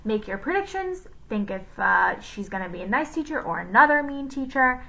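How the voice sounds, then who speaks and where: A woman teacher reads a chapter book aloud to children. Her voice is bright and very lively, rising and falling as she keeps them encouraged. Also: fairly high pitch, moderate pace, creaky, low-quality recording. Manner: expressive, encouraging.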